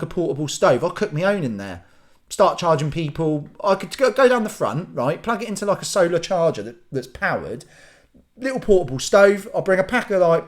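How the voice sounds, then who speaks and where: A young man ranting casually in a solo vlog, rambling and acting out little scenes in silly voices. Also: a little high. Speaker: vlogger.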